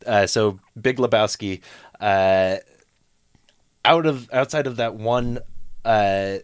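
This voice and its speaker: A man co-hosting an advice podcast in a studio, speaking in a measured, hesitant way with many fillers. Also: fairly low pitch, clean tone, no echo. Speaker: podcast co-host. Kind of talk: casual chat.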